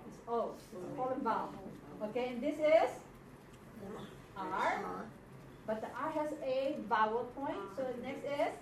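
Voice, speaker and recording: A woman teaching a Hebrew class in a classroom, slow and patient, often checking that her students follow. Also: sits high, animated, crowd noise. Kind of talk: classroom lecture. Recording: echoey room from far off, faint noise.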